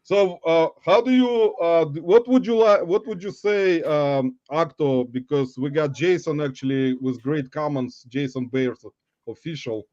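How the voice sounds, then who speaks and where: High-voiced playful male stream host. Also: a little slow, a little mellow, no echo, lo-fi sound. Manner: theatrical, mock-dramatic, laughs often. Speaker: livestream host. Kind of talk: playful livestream chat.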